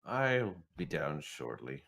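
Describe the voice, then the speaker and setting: A man's voice: a bass voice, very animated, slow pace, creaky, a bit bright. A man talking in character as a tabletop roleplaying player, with a dry, wry manner.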